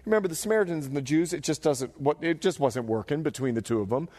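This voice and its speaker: A middle-aged man preaching a sermon, animated and jokey, slipping into voices as he tells stories. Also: on the high side, fast talker, hardly any pauses, long reverb tail. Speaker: pastor.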